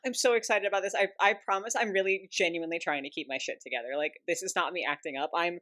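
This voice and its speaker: A woman with a slightly low voice talks to camera in a casual vlog. She is giddy and giggly, short of breath from excitement, rushing through her words between bursts of laughter. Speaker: doll collector vlogger.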